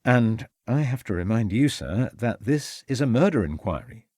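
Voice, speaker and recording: A man's voice: mid-range voice, very animated, darkish tone, breathy edge, dry recording, clean studio sound. A man voicing a determined male police inspector who speaks firmly and assertively. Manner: firm, assertive, measured.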